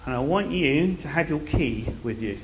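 A man with a voice on the high side preaches a sermon at a moderate pace over a noisy background. He tells a Bible story animatedly, dropping to a quiet intensity for the key points.

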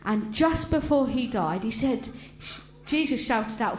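A woman gives an emotional personal testimony to a congregation in a slightly high, animated voice, speaking earnestly and haltingly with frequent restarts. The recording has a roomy echo and a faint hum.

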